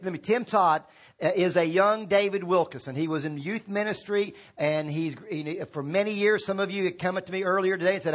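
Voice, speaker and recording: A man preaching a sermon as pastor, talking informally and asking the congregation to repeat words after him. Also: high voice. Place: church sanctuary.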